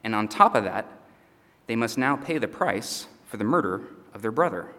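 A man's voice: fairly low pitch, expressive, normal speed, sharp tone. Man teaching a sermon in a reverberant hall. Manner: conversational, asides with "okay?" and "all right?". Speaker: pastor.

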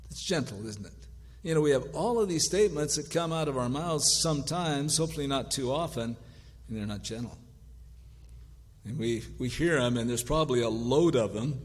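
A man preaching a sermon from the pulpit, his voice at an ordinary middle pitch. He reads long word lists slowly and breaks them with dry, wry asides. His voice hangs in a church hall with a long, ringing reverb. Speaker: pastor.

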